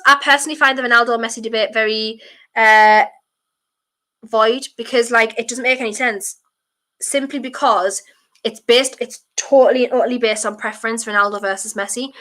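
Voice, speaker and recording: Bright-voiced North East English woman streaming. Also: a little high. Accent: mixed North East English, toned down. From Durham, England. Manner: chatty, blunt, mild swearing, self-deprecating. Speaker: football watchalong streamer. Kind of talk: casual live-stream chat reading viewer comments.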